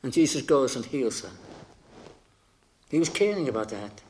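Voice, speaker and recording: A man's voice: mid-range voice, lively intonation, moderate pace, long pauses, a little hiss or hum. A male preacher giving a sermon, emphatic and dramatic, acting out scenes with quoted voices.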